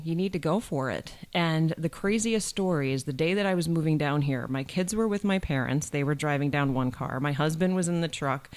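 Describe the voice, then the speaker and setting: A woman's voice: sits low, brisk, hardly any pauses. A middle-aged woman from New York State, a college provost, telling a personal story in an interview and acting out the voices she quotes.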